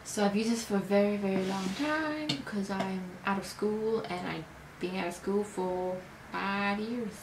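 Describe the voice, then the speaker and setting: A woman in her early twenties gives a casual beauty review at an easy, drawn-out pace, rambling and hesitant, and she sounds tired. Her voice is mid-pitched. It carries a noticeable echo from the room she is recording in. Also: slight background noise. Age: early 20s. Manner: chatty, rambling, unhurried with hesitations. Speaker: beauty vlogger. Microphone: camera mic. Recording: roomy echo.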